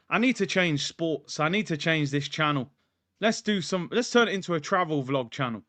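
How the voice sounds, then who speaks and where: A man's voice: sits high, lively intonation, a little fast, bright, forceful tone, dry recording. A man hosting a casual football livestream, hyped, slangy and jokey. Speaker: football channel host. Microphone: streaming mic.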